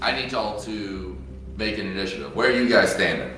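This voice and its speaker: A man running a tabletop game as dungeon master, narrating loosely and excitably with plenty of swearing. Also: fairly low pitch, fairly quick. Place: shared room, recorded live. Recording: very echoey room with faint music.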